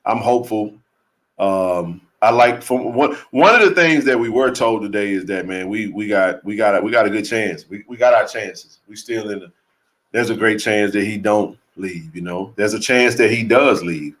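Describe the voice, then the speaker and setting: A man's voice: on the low side, normal speed, fairly bright tone. A man hosting a casual live sports chat. He talks animatedly, repeats himself and laughs often. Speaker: podcast host.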